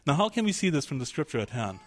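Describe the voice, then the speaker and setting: A man's voice: fairly high pitch, big pitch swings, fast. A man preaching a sermon, emphatic and searching, voicing the pleading of a biblical figure in his quotes.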